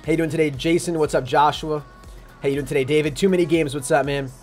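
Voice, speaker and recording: A young man live-streaming a video game, greeting viewers by name in rapid casual shoutouts and chatting about his plans. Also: fairly high pitch, fairly even intonation. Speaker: livestreamer. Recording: faint music behind.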